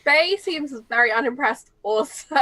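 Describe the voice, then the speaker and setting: A woman's voice: high-pitched, animated, a little slow, sharp tone, dry recording. A woman playing a tabletop role-playing game, chatty and giggly. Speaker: player.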